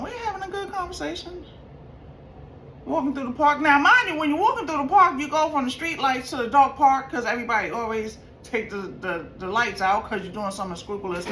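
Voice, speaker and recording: A woman's voice: mid-range voice, bright, forceful tone, slight background noise. Streetwise New York woman telling stories. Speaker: vlogger sharing life stories. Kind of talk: personal storytelling.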